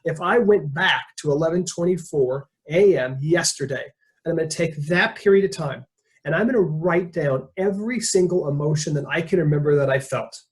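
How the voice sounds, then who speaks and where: A man's voice: on the high side, fairly quick. A man presenting a leadership webinar, telling stories in a conversational way and acting out quotes. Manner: conversational storytelling, jokes and acts out quotes.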